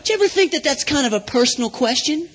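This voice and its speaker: A man's voice: very high voice, lively intonation, fast, fairly bright tone. A man preaching a sermon, teaching step by step and checking in with his listeners with questions. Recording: hall reverb.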